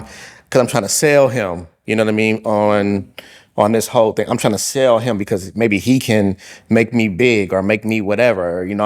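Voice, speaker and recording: Low-voiced man telling a long story. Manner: storytelling, many restarts and fillers. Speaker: podcast co-host. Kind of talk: casual chat.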